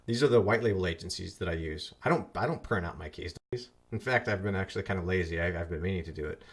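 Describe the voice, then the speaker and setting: A man's voice: sits low, fast. A man teaching an online marketing course in a chatty, loose way, repeating phrases for emphasis and muttering asides as he fixes his slides. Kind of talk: casual screen-share lesson.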